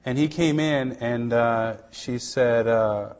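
A middle-aged missionary man sharing a personal testimony in an earnest, halting way, with many restarts, dropping to a hush at tender moments. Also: medium pitch.

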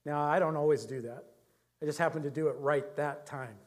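Middle-aged male preacher, casual anecdotal delivery, voice sits a bit high. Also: fairly even intonation, fairly quick. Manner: conversational storytelling, chuckles often. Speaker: pastor. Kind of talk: sermon with personal anecdotes.

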